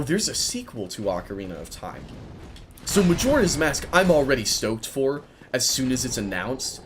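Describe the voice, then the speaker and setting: A man in his twenties telling a rambling story while commenting on his own gameplay, chatty and excitable, breaking off to react loudly. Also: mid-range voice, a little hiss or hum. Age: 20s. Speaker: gaming video creator.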